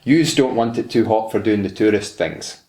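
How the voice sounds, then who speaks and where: A man's voice: on the low side, moderate pace, a little mellow, close to an everyday voice. A man reading aloud and voicing a chatty, homely older cleaning woman with a Glasgow accent. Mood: cheerful. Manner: homely, leaning on her mop. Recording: roomy echo.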